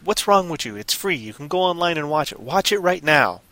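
A man's voice: a little high, expressive, fairly quick, bright, forceful tone, no room sound. A man hosting a live stream in casual chat, rambling and goofy, often breaking into sing-song humming. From Canada.

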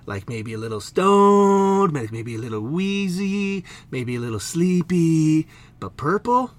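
A man's voice: fairly high pitch, lively intonation, unhurried. A man voicing a laid-back stoner giant squirrel who drawls in surfer slang. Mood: mellow.

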